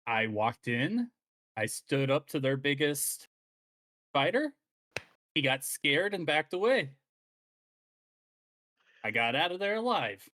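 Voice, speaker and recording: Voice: medium pitch, very animated, takes it slowly, long pauses, a bit bright. Laid-back tabletop game player. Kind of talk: casual tabletop play.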